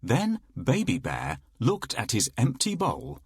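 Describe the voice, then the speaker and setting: A man narrating a bedtime story in a slow, expressive storytelling way. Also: mid-range voice, vocal fry, slight background noise.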